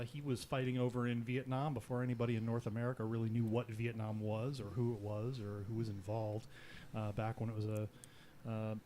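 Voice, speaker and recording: A man's voice: mid-range voice, warm tone. Male tabletop player, casual and rambling, slight background hiss. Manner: rambling, many fillers. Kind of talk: casual character introduction.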